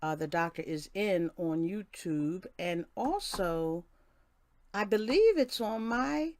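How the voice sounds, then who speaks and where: A woman's voice: fairly low pitch, expressive, takes it slowly, darkish tone. An older woman hosting a casual live stream, reading a passage and then greeting viewers by name with many restarts. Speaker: livestream host.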